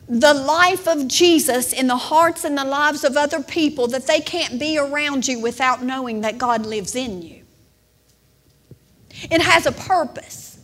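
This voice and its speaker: A middle-aged woman preaching a sermon, emotional and building to emphatic, drawn-out declarations. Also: sits high, fairly bright tone.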